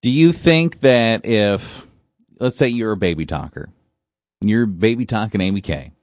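A man's voice: fairly low pitch, animated, a little slow, darkish tone, no echo, clean studio sound. A man co-hosting a radio talk show, chatting in a playful, joking way. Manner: playful, joking, laughs easily. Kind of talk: casual radio chat.

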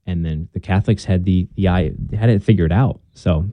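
A young man talking as a guest in a casual conversation, earnest and halting, with many restarts and fillers. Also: low-pitched, no echo, phone-quality sound.

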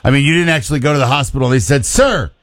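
A man's voice: mid-range voice, fairly even intonation, no echo, soft background music. A man co-hosting a radio call-in show, joking and chatting casually with callers. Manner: joking, quick asides.

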